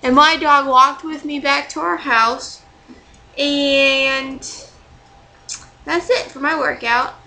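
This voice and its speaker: A woman's voice: high-pitched, steady tone, slow, creaky, pauses often, sharp tone, poor audio. A young woman talking casually to camera in a vlog, rambling and exasperated, still angry and swearing freely. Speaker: vlogger.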